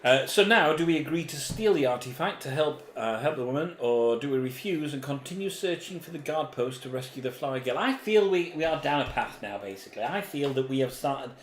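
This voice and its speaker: A man's voice: medium pitch, expressive, fairly quick, few pauses. A man co-hosting a board game playthrough, chatty, reading rules and story text aloud. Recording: echoey room with faint background noise.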